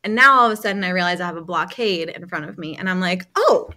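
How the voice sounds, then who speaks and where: A woman, a healing coach, telling a personal story as a podcast guest, lively, acting out other people's lines and using many casual fillers. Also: fairly low pitch, fast.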